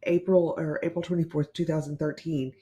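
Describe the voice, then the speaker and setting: A podcast co-host telling a story in a casual, animated way, laughing often and cursing. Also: mid-range voice, fairly quick. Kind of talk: unscripted casual chat.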